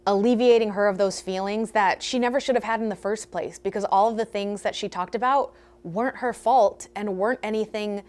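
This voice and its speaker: A young woman tells her own story straight to camera, speaking candidly and now and then cracking self-mocking jokes. Her voice sits at an ordinary middle pitch. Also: a little mellow. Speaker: vlogger. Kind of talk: personal storytelling.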